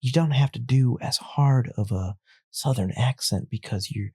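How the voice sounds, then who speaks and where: A man's voice: medium pitch, normal speed, darkish tone, breathy edge, no room sound, clean studio sound. A man co-hosting a podcast, chatting casually about a film in a rambling, easygoing way with self-deprecating humor. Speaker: podcast co-host. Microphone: studio mic.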